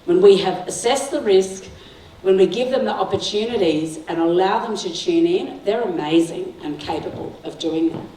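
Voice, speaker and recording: A woman's voice: medium pitch, moderate pace, slight background noise. A middle-aged woman giving a talk to parents, telling stories with frequent laughs and "right?" to the audience. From Sri Lanka. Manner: warm storytelling, laughs often, asks the audience "right?". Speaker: guest speaker. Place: school hall. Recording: echoey hall, mic heard from a distance.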